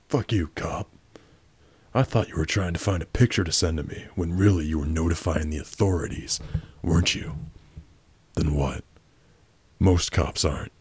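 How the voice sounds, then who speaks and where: Brief: man, extremely low and raspy voice, blunt, crude prank-chat delivery. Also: dry recording. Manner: blunt, crude and abrasive, with sudden outbursts. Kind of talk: crude prank role-play reading a chat aloud.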